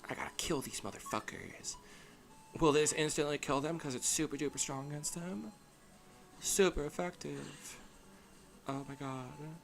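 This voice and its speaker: A man's voice: fairly high pitch, moderate pace, vocal fry, faint music behind. A male streamer giving casual, goofy gameplay commentary, amusing himself as he talks. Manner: goofy, self-amused talking to himself.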